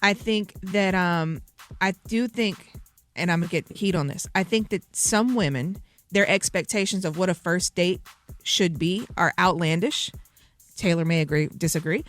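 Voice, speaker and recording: A woman's voice: fairly low pitch, moderate pace, soft background music. A woman co-hosting a radio show, thoughtful and weighing both sides of an argument. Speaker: radio co-host. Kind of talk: opinion talk on radio.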